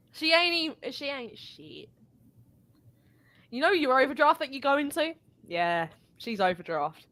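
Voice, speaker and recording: British woman, high lively voice, theatrical, profane, slow pace. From Britain. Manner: loud, theatrical, profane, laughs often. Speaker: show co-host. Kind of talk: casual opinionated chat.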